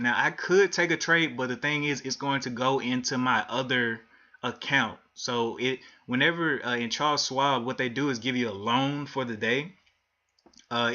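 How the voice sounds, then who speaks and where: A man's voice: medium pitch, pushed and bright, dull audio. A man giving live commentary on his day trading, thinking aloud and frustrated as he watches the charts. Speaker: livestream day trader.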